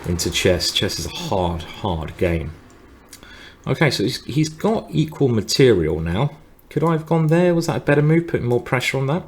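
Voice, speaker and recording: A middle-aged man with a deep, low voice talks through his chess games as he plays them. He rambles casually between stories and analysis, cutting himself off whenever a new move appears on the board. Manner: rambling, thinks aloud, breaks off mid-sentence to react to moves. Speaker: chess grandmaster streaming his own games. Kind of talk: live commentary while playing online speed chess.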